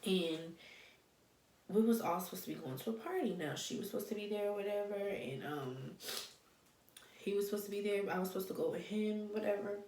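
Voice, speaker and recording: A woman's voice: mid-range voice, fairly quick. Young woman telling a slangy story. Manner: animated, swearing, loose slangy talk. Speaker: vlogger. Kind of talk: casual storytime. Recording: echoey room, faint noise.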